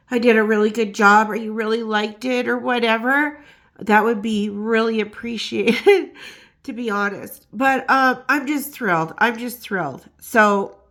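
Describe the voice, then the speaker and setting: Female vlog host, unhurried, slightly high voice, chatty and emotional with frequent laughs. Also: fairly bright tone. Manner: emotional, laughs often, many fillers. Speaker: YouTube gossip host. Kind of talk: casual chat and rhyming poem reading.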